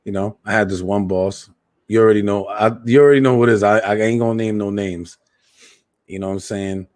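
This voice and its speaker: A man's voice: fairly low pitch, steady tone, fairly quick, darkish tone, no room sound. A man co-hosting a casual talk show, telling a profane story about a boss in a laid-back way.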